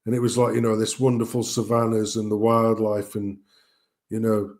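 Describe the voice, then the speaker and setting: A man's voice: lowish voice, completely flat delivery, moderate pace, a little mellow. A middle-aged man, telling rambling family anecdotes in casual chat, joking and swearing as he goes.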